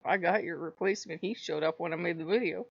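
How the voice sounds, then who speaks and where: A woman's voice: on the low side, fast, gravelly, dry recording, muffled recording. A woman hosting her own channel, telling a story in a blunt, profane, casual way with laughing asides. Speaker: channel host.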